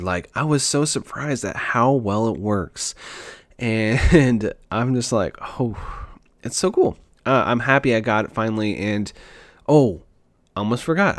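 A man's voice: lowish voice, no echo, clean studio sound. A man hosting a podcast in casual chat, talking enthusiastically in a rambling, slangy way.

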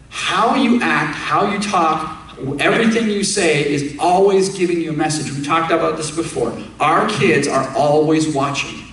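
A pastor preaches an emphatic sermon, putting direct questions to his congregation in a slightly high, somewhat bright voice. He stands away from the mic in an echoey room.

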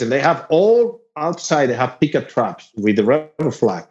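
Spanish-accented man, guest on a podcast, plain mid voice, halting English over a dull video-call line. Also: mid-range voice, animated. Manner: halting, laughs often, searches for English words. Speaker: guest musician. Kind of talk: casual podcast chat.

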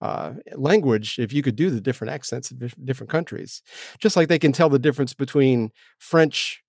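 A man's voice: mid-range voice, fairly quick, creaky, darkish tone, slightly rough, no room sound, studio quality. A man hosting an interview, chatting in a rambling, self-deprecating way with lots of restarts. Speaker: podcast host. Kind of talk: casual interview chat.

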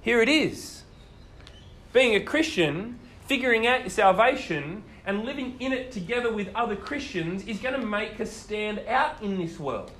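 Male preacher, high voice, lively storyteller. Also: moderate pace. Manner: animated storytelling, asks the listeners questions. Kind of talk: sermon.

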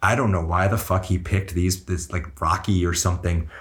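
A man's voice: low-pitched, steady tone, moderate pace. A man co-hosting a podcast, telling stories in a laid-back, profane way. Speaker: podcast co-host. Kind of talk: casual chat.

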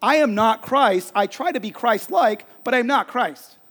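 Here the same high-voiced, middle-aged pastor preaches a bit slowly from the church stage. He spins an energetic, self-mocking story, and each phrase fades into the lingering echo of a spacious hall.

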